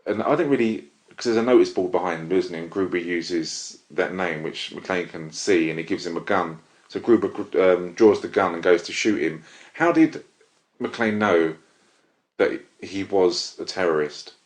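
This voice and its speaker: Hosting a laid-back film review podcast, this man speaks in a low voice at a normal speed. He's enthusiastic and rambling, often cutting himself off mid-thought, with a roomy echo in the recording.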